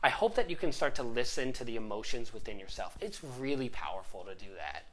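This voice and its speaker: A life coach giving a casual, animated motivational talk, often checking in with "right?". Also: mid-range voice, fairly quick.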